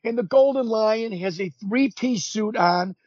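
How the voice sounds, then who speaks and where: A man in his fifties, a podcast guest, telling stories in an animated way, acting out quotes and often restarting his sentences. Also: high voice, unhurried, no room sound. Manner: animated storyteller, acts out quotes, frequent restarts. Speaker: podcast guest, former pro wrestler. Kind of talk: casual storytelling interview. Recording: dull lo-fi sound.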